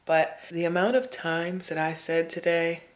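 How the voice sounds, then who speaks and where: A woman's voice: fairly low pitch, a little slow. A worn-out woman talking casually to her camera in a chatty, emphatic way, often speaking straight to her viewers. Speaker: vlogger.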